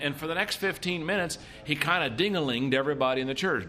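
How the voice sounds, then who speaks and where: A man's voice: fairly high pitch, quick pace, few pauses, bright, forceful tone. A middle-aged man giving a leadership seminar talk, telling folksy stories and repeating his points for emphasis. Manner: folksy storytelling, emphatic repetition. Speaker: leadership speaker.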